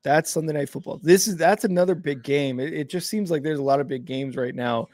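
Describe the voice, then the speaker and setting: A man chats casually through a live football watch-along. His voice sits a little high and sounds close-miked and dry. He rambles with fillers and corrects himself as he reacts to the plays. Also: fairly quick, darkish tone, dry recording. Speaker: co-host of a game watch-along stream. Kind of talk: casual live sports chat and play-by-play reactions.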